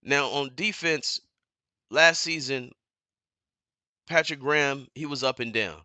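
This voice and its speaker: A man in a fired-up, profane fan rant on his live stream, repeating himself and getting louder as he goes. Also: mid-range voice, slow pace, dry recording. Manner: heated, profane, repeats himself, builds to shouting. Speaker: sports commentator streamer. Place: home living room.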